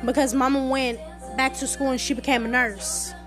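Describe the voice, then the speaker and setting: A young woman with a high voice talks through family stories in a lively, chatty way. Soft music plays faintly underneath. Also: normal speed. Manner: animated, chatty, conversational. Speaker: podcast host. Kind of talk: casual storytelling monologue.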